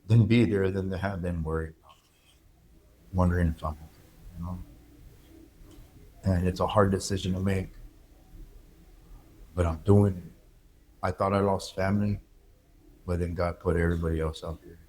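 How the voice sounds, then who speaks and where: Low-voiced man telling a raw personal story. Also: fairly even intonation, darkish tone, slight background noise. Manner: candid, halting, reflective storytelling. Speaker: interview guest. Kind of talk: emotional personal interview.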